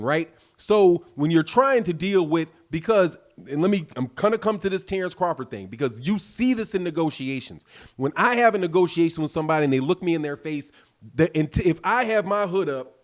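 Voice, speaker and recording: A man with a notably high speaking voice talks alone to his audience about boxing. He argues his case emphatically, firing off rhetorical questions and circling back on key phrases to drive them home. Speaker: boxing channel host. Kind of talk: opinionated solo commentary.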